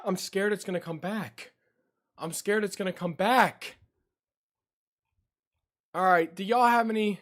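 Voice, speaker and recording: A young streamer's voice sits high and a bit bright, moving at a measured pace with long pauses. He chats casually and directly with his livestream audience, repeating his lines and getting spooked easily.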